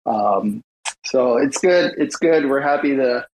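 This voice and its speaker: A man's voice: medium pitch, lively intonation, slow, a little mellow, a little hiss or hum, rough recording. A man hosting an online audio chat, easygoing and friendly as he moves the talk along. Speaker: host of an online audio space. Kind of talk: casual moderating.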